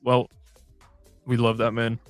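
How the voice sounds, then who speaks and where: A man's voice: medium pitch, completely flat delivery, takes it slowly, no room sound, soft background music. A man hosting a casual fan livestream, reading chat comments aloud in a chatty, scattered way.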